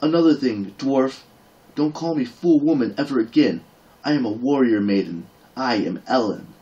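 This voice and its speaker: Brief: a proud, sharp-tongued warrior woman, voiced by a man well above his own pitch. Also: expressive, normal speed, highs cut off, close to an everyday voice. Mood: angry. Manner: indignant, sharp.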